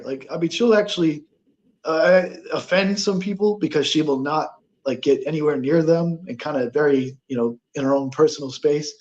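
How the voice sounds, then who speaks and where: A man telling a ghost story as a guest on a paranormal talk show, halting, with many fillers and restarts. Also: on the high side, a little mellow, dull audio.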